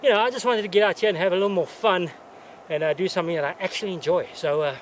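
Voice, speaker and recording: A man's voice: sits high, racing, slight background noise. A man vlogging outdoors on a mountainside, casually reviewing gear in a folksy, joking, chatty way.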